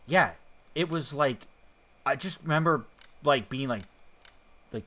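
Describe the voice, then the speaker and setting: Man, gaming chat, bright forceful voice, rambling, restarts, swears. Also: medium pitch, unhurried. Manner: excitable storyteller, many restarts and swearing. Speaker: let's play co-host.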